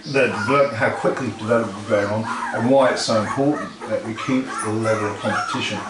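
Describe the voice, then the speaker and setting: A man, a dog breeder, casually explaining puppy handling while talking softly to the pups. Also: on the low side, fast, far from the mic. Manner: talks softly to puppies between explanations. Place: kennel with puppies. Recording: roomy, from off-mic, with crowd noise.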